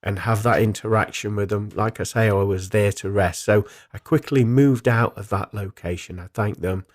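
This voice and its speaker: A man with a lowish voice, speaking slowly and reflectively as a spiritual medium on his own radio show. He tells a personal story calmly, pausing often with ums and uhs. The recording is dry, with no room sound behind him. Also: dry recording. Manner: calm, reflective, with frequent ums.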